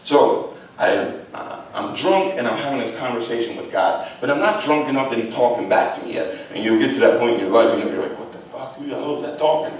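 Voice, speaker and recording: A man giving a blunt, profane, animated storytelling talk as a guest speaker to a live audience in a large theater. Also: mid-range voice, brisk, a little hiss or hum. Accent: Philadelphia. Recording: echoey theater from far off.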